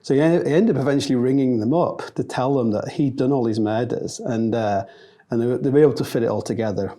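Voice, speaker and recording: Man, English, mellow low-key storyteller, rambling casual monologue. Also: fast talker. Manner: rambling, many fillers and restarts, laughs often.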